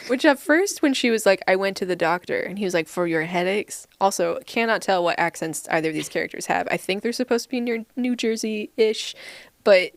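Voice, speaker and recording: A woman's voice: mid-range voice, lively intonation, fairly quick, no room sound. A woman co-hosting a podcast in a casual movie review chat, laughing often as she pokes fun at a film. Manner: laughs often, mocking and playful. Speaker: podcast co-host.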